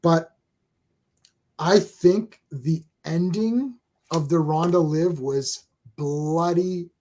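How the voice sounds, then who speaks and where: A man co-hosting a casual chat show, talking excitedly with many restarts and reading viewer comments aloud. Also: fairly high pitch, very slow, slight background noise. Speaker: co-host.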